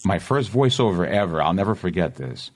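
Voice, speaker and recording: A man's voice: low voice, a little fast. A man in his forties with a Boston accent, an actor chatting as an interview guest and acting out the lines he quotes. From Massachusetts. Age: 40s. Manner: animated storyteller, acts out quotes. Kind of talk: casual interview chat.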